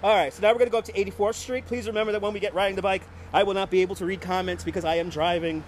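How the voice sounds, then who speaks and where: A man's voice: high voice, steady tone, racing, slight background noise. Chatty man streaming a street tour. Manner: chatty, talks to viewers while biking. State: out of breath going uphill. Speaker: livestream tour guide. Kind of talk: casual live-streamed walking tour. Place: outdoors on city streets at night.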